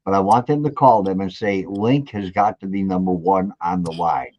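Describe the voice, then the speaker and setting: An older man hosting a casual livestream, teasing and reading out viewer comments with lively energy. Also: low-pitched, moderate pace. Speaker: livestream host. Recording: dull lo-fi audio.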